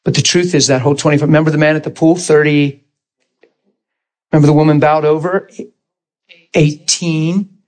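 A man preaching a sermon in a church, telling healing stories in an animated way and often crying out in excitement. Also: fairly high pitch, moderate pace, pauses often. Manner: animated, shouts and cries out in excitement. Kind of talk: sermon with testimony storytelling.

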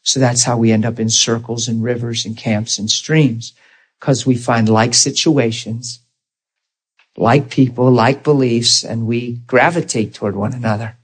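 Husky-voiced man preaching a story. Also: medium pitch, measured pace, low-quality recording. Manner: earnest, animated retelling with quoted dialogue. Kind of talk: storytelling sermon.

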